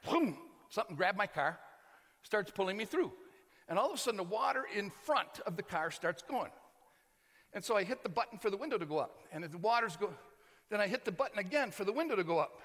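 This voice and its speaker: Animated American preacher, bright voice. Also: male voice, high voice. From United States. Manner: animated, shouting and laughing through a story. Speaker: pastor. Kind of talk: comic sermon storytelling. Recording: long hall reverb.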